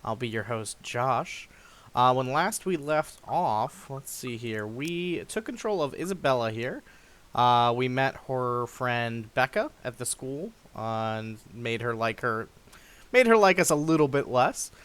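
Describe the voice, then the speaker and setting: A young let's play host speaks in a mid-range voice, a little slowly, as he plays through a game. He's lively, reading the story narration aloud with dramatic flair and chuckling as he goes.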